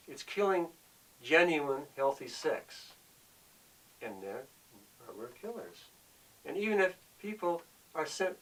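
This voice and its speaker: Earnest preachy man, slightly high voice. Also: fairly bright tone, distant mic, poor audio. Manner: earnest, preachy, repeats himself. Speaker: speaker of the show. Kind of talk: preachy monologue.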